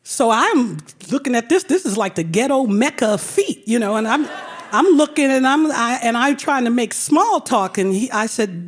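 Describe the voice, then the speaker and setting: Animated woman storyteller, fairly high voice, quick to laugh. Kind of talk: personal storytelling.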